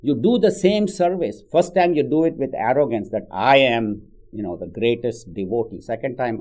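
A man's voice: mid-range voice, animated, normal speed, few pauses, darkish tone, rough recording. A man giving a conversational spiritual talk, telling a story with frequent "you know" asides. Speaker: spiritual teacher. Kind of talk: sermon with storytelling.

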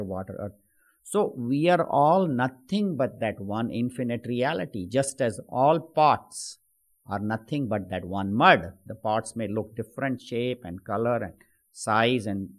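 A man giving a spiritual discourse on scripture, explaining patiently with everyday examples and many fillers. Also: medium pitch. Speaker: spiritual teacher.

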